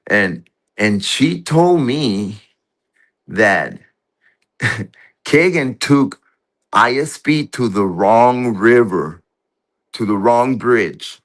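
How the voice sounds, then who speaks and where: A man telling a story as a guest in casual conversation, halting and restarting often, with rough, profane speech. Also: mid-range voice, expressive.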